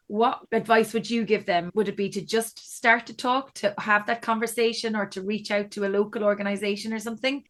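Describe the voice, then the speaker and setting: A woman with an Irish accent hosting a podcast, asking questions in a measured, thoughtful way. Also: medium pitch, a bit bright. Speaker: podcast host. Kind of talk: interview questions.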